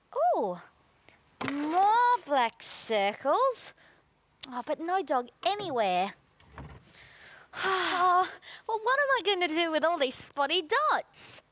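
A young woman hosts a children's show in a very high, lively voice that swoops up and down as she sings. She talks slowly and plays with silly animal sounds. Loud cheerful kids' music plays under her. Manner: animated, sing-song, makes playful animal noises. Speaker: children's TV presenter. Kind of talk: playful children's show presenting and singing.

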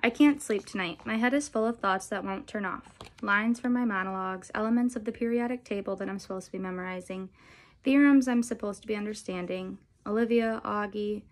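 A woman reading a novel aloud in a calm, measured way. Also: mid-range voice, low-quality recording. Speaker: audiobook reader.

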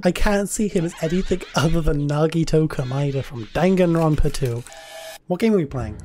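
A woman's voice: low-pitched, moderate pace, dark tone, faint music behind. Chatty British young woman gamer. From United Kingdom. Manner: chatty, uses "like" a lot. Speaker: streamer. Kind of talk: casual let's play chat.

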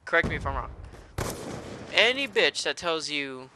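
A man's voice: a little high, sing-song, normal speed, background noise. A man doing live gameplay commentary, ranting and cursing in a fired-up rage. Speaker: gaming commentator.

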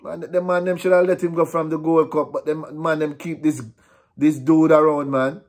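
Sex: man. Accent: Jamaican. Role: vlogger. Style: frustrated, repetitive rant in patois and English. Pitch: fairly high for a man. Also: little pitch movement, moderate pace, darkish tone. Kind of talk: ranting vlog.

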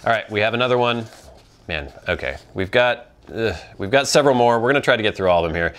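A young man hosting a casual viewer Q&A, thinking out loud with many ums and restarts. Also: lowish voice, animated, fast talker. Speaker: pipe tobacco channel host.

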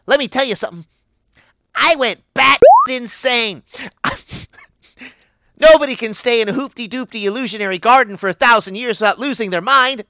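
A man voicing an ancient, cheerfully unhinged pixie in a fan animation, rambling with sudden high squeals. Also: sharp tone, dry recording. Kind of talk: character monologue for fan animation.

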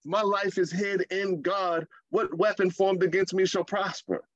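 A man preaching a sermon in a lively, conversational way, with playful asides. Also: high-pitched, a little slow, no echo, muffled recording.

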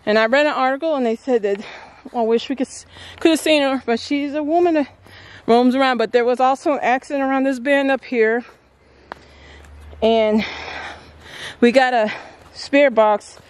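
Chatty woman filming herself outside on her phone, fairly high voice, keeps saying guys. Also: normal speed, pauses often. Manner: chatty, excitable, addresses viewers as guys. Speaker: vlogger. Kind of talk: casual vlog narration. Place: outdoors at a historic stone furnace.

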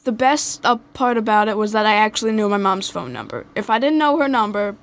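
A woman's voice: medium pitch, lively intonation, fairly quick. A teenage girl telling a personal story in a casual podcast chat, hesitant with many fillers. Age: teens. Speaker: podcast guest.

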